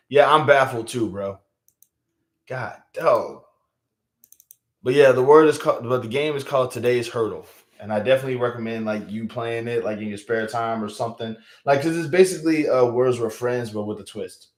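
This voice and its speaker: A man with a Southern US accent hosting a casual livestream, animated and slangy, often repeating his phrases and talking straight to his viewers. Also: mid-range voice, brisk, roomy sound. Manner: animated, repeats himself, talks to chat with slangy asides. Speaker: livestream host. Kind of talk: casual live-stream chat.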